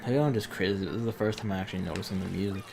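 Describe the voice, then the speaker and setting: Low-voiced man swearing through a game. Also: racing, gravelly. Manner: blunt, swears while playing. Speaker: game streamer. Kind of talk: casual gaming chat. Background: game music.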